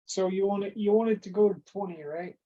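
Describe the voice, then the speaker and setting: A man's voice: high voice, quick pace, dark tone. Curious man on dull lo-fi call audio. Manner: brief, curious questions. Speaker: caller on the voice chat. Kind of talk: casual chat on a voice call.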